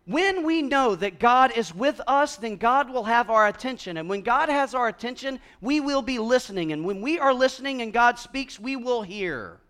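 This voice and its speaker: A man delivers a conversational sermon from the pulpit. His voice sits high for a man, and he often drops to a near hush before building back up to loud emphasis. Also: animated, moderate pace, hardly any pauses. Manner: conversational preaching, swings from hushed to loud. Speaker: pastor.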